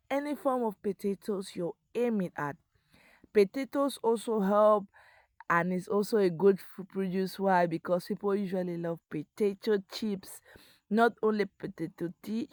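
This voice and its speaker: A woman's voice: medium pitch, darkish tone, no room sound. A woman explaining how to plant crops in an earnest instructional voice-over, speaking straight to the viewer. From Africa. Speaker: agriculture video host. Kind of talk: voice-over explaining crop farming.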